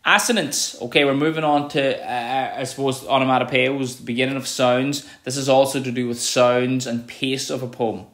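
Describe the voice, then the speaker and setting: A man's voice: mid-range voice, little pitch movement. Male teacher giving a revision lesson. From Ireland. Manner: explains with frequent "okay" and "so", reads examples slowly.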